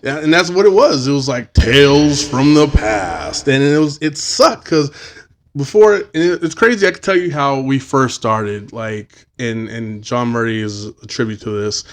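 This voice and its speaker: Chatting casually on his podcast, this thirtysomething host tells profanity-laced stories and performs the voices of the people he quotes. His pitch is medium and his pace moderate.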